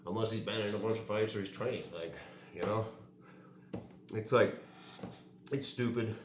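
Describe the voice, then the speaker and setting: A man's voice: lowish voice, fairly quick, long pauses. Fired-up ranting man, echoey room. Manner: heated, profane, says "dude" and "like" a lot. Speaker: fitness vlogger. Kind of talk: casual rant to camera.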